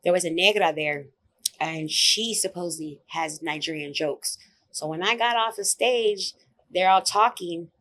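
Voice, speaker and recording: A woman comedian telling a story in a casual interview, blunt and profane, animated as she talks. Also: on the low side, measured pace. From Oak Cliff, Dallas area, Texas. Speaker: comedian guest.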